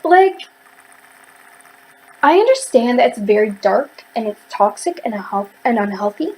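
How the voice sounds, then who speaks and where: A woman's voice: on the high side, big pitch swings, measured pace, a little mellow, poor audio. A woman ranting heatedly in a casual book review, rambling with lots of fillers and restarts.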